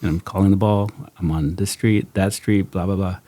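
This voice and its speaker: With a deep voice at normal speed and no echo, this middle-aged man hosts a podcast. He's an animated storyteller in a casual chat, performing quotes and laughing a lot.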